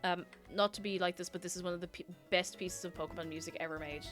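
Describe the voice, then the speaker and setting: Music plays behind this fast-talking woman streamer, whose fairly low voice stays steady. Reading her viewers' messages in a casual chat, she rambles, giggles and mocks herself.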